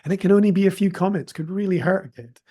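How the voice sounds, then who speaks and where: A man's voice: high-pitched, quick pace, warm tone. A man speaking as a podcast guest, earnest and reflective, offering encouragement. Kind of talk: conversational interview.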